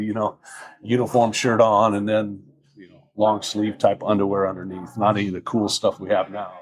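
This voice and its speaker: A middle-aged police officer with a lowish voice tells a casual anecdote from his early years on the job. His delivery is dry and easygoing, and he acts out both sides of the exchange.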